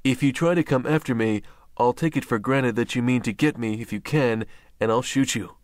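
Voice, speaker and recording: Narrator voicing a steely young frontier gentleman, firm clipped orders, mid-pitched, dry booth sound. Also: normal speed, no room sound, natural voice. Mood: commanding. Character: determined young male frontiersman statesman, resolute.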